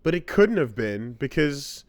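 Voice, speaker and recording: Lively, profane man chatting on a podcast. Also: a little high, measured pace. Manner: animated, profane, acts out movie scenes. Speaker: podcast co-host. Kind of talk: casual chat.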